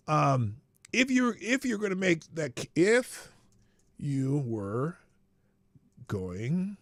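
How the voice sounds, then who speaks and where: A man's voice: high-pitched, creaky, fairly bright tone, no room sound. A man hosting a live stream, chatting casually and rambling, with frequent laughs and restarts. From United States. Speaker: livestream show host.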